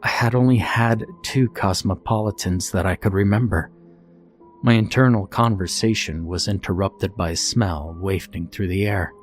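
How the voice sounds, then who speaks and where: A man reading a first-person horror story in a calm, steady scripted narration. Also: low voice, moderate pace, faint music behind.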